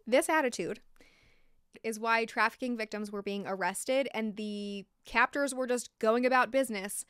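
A woman's voice: on the high side, moderate pace, fairly bright tone, clear, resonant tone, no room sound, studio quality. A woman hosting a true crime podcast, telling the story in a blunt, passionate way and swearing when angry. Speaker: podcast host.

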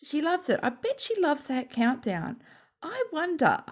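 A woman with a croaky voice rambling sarcastically at home while smoking, as a YouTube commentator. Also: high voice, big pitch swings, a little slow. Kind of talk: rambling casual monologue.

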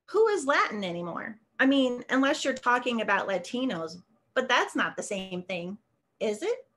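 A talkative, breezy older lady rambling happily on the phone , as a woman reads her part. Her voice sits high and lifts brightly as she chatters on. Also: sing-song, normal speed. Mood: chatty.

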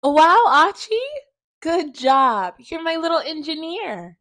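A woman voicing a gentle cartoon mother who reassures her kids, gently and firmly. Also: high-pitched, sing-song, slow pace, full character voice. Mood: proud. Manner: soothing, reassuring, firm with the kids. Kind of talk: animated children's story dialogue.

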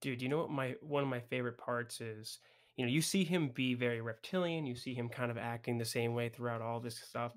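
A man's voice: mid-range voice, brisk. Eager young man gushing about film. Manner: enthusiastic, many "like" and "right?" fillers. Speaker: podcast co-host. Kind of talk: casual film discussion.

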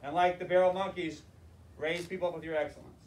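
A male teacher lectures and tells stories with animated emphasis. His voice sits high for a man. The sound is roomy and picked up from a distance, with faint noise behind. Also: fast. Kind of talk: classroom lecture with storytelling.

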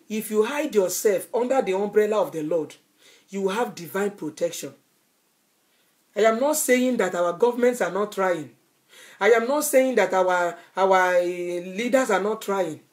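A woman's voice: mid-range voice, lively intonation, normal speed, a little mellow. Fervent woman evangelist preaching. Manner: fervent preaching, repeating phrases for emphasis. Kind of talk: sermon. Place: Europe.

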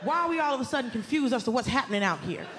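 A high-pitched woman doing stand-up comedy into a handheld stage mic, animated and exasperated, punching her lines up to a shout. A loud crowd laughs and applauds around her in a club. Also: very fast, background noise. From Southern US, Atlanta. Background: audience laughter and ambience.

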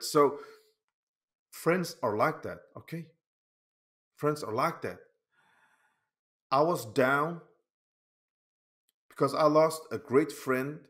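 Speaking in a medium-pitched voice, a non-native English-speaking channel host works through a fight with a friend in a heated personal vlog. His monologue is rambling and repetitive, dotted with "okay?" checks, and it shifts from loud outbursts to quiet asides.

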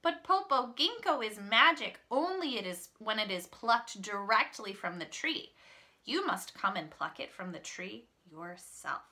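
A woman's voice: mid-range voice, big pitch swings, a little slow, sharp tone. Woman doing a clever, coaxing young girl. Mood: clever teasing. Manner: sweet, coaxing. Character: clever eldest girl, quick and calm.

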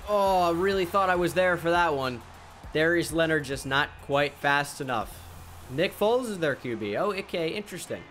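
Laid-back young man commenting on gameplay. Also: fairly high pitch. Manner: laid-back, self-mocking, sudden excited outbursts. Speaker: gaming channel host.

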